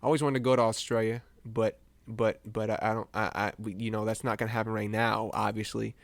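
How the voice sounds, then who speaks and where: A man's voice: on the low side, little pitch movement, a little fast, vocal fry, dry recording, clean studio sound. Rambling, laughing American man streaming. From United States. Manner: rambling, self-mocking, laughs often. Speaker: streamer editing images live. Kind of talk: casual live-stream commentary.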